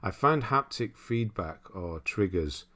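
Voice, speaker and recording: This young livestream host takes his time, his low, deep voice drifting through viewer comments as he reads them. He chuckles a lot while musing in a loose, easygoing way.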